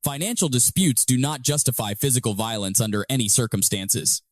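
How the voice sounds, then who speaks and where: A man reading a formal scripted narration about a police case in an even tone. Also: medium pitch, brisk, slight background noise.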